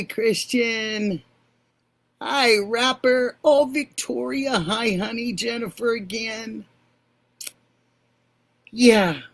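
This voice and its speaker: An older woman hosting a live stream, warmly greeting viewers by name and calling them honey and sweetheart. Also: medium pitch. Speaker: livestream host.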